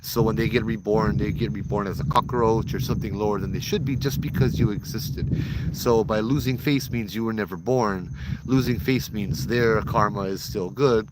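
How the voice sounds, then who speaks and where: A man's voice: lowish voice, heavy background noise. A man casually telling ghost stories as host, chatty and using local slang. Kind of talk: casual storytelling.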